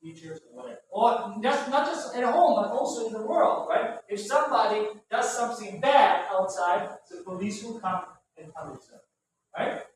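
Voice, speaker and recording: High-voiced male teacher in an echoey room. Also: normal speed. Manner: patient, repetitive, ends phrases with "right?". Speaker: English teacher. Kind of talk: classroom vocabulary teaching. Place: classroom. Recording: very echoey room, far from mic, faint noise.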